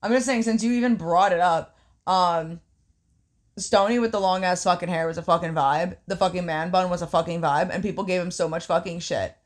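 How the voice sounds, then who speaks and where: A woman's voice: lowish voice, a little fast. Foul-mouthed woman podcast host. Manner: swears constantly, animated storyteller acting out quotes. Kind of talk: casual chat recapping wrestling.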